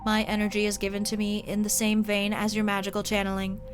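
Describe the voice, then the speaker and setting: A woman reads a detached, otherworldly angel from a fantasy game. The delivery is stiff and formal, held to a flat monotone with almost no pitch movement. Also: fast talker, soft background music, lightly acted. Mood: cold formal. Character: cold monotone female angel, creature of light. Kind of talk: reading game dialogue aloud.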